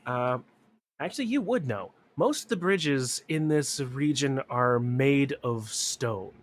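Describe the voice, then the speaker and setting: A man narrating a tabletop game as game master, describing scenes in a slow, measured way. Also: medium pitch, animated, slight background noise.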